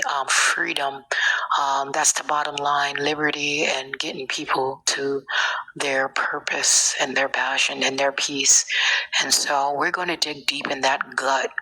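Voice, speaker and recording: A woman's voice: low-pitched, sharp tone, rough recording. A woman hosting a casual live-stream monologue, rambling and preachy, often dropping into a whisper. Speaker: social media page host.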